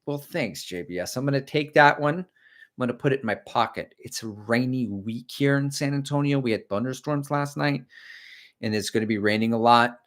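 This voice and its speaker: A man's voice: medium pitch, brisk, fairly bright tone. Chatty middle-aged man on a livestream. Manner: chatty, rambling, answers viewer comments. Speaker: livestream host and running coach. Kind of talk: casual livestream chat. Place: home.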